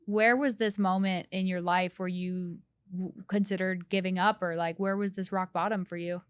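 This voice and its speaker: Smooth-voiced young woman interviewer. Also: on the low side, steady tone, moderate pace, no echo. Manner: enthusiastic, reflective questions with filler "like". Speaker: interview host. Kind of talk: conversational interview.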